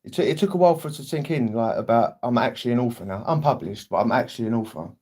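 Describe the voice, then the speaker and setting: A man's voice: medium pitch, lively intonation, rapid-fire, a little mellow. A young British man chatting casually on a livestream, rambling and swearing freely, acting out family members' lines. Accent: British English. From England. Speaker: livestream host.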